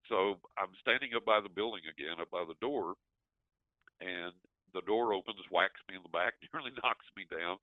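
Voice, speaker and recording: A man's voice: sits low, normal speed, dry recording. Older man on a tinny line. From West Texas. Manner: animated storyteller who acts out his own reactions. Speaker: guest, psychic. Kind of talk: storytelling in an interview. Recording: dry, tinny phone line.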